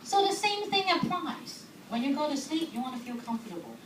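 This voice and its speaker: Brisk and high-voiced, a woman delivers a lively talk to an audience in a hall, her pitch swinging widely. She asks questions and laughs often, and the recording is echoey, taken from far off, with background noise.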